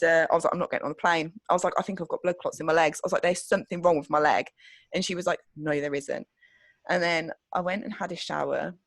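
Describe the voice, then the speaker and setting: A woman's voice: sits low, no echo. Young woman, podcast co-host, rambling chatty storyteller, dry mic. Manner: chatty storytelling with many "like"s, swears freely. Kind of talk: casual chat.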